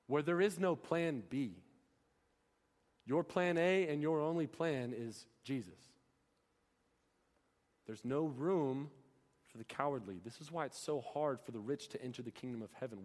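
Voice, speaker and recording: A man's voice: mid-range voice, measured pace, a little mellow. A young man preaching a sermon in a church, earnest and pressing his listeners with rhetorical questions. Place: church hall. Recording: long hall reverb.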